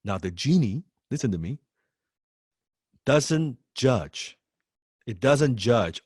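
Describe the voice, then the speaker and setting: A man's voice: mid-range voice, animated, slow pace, long pauses, darkish tone, slightly rough, no room sound, clean studio sound. A man coaching sales students in an emphatic, repetitive way, swearing freely. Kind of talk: lecture to students.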